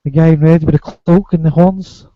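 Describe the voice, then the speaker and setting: A man asking relaxed, chatty questions in casual conversation. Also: on the high side, moderate pace, dry recording, lo-fi sound. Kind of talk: casual chat.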